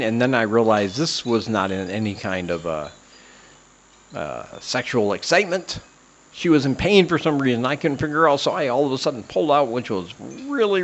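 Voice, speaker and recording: A man with a mid-range voice tells a comic story from his own life, rambling along and making fun of himself. His audio is slightly dull and lo-fi. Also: mid-range voice. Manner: rambling, self-deprecating, many "uh" fillers. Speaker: podcast host. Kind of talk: comedic personal storytelling.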